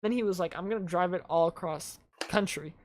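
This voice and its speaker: A man's voice: high-pitched, quick pace. Man, podcast host, casual rambling chat, lots of "like", story after story. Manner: rambling storyteller, heavy use of "like".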